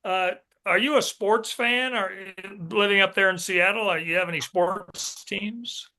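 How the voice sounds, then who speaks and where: A podcast host asking casual questions, stumbling and restarting as he goes. His voice is quite high for a man and has a bright, forceful edge to it. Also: fairly even intonation, unhurried. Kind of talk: casual interview.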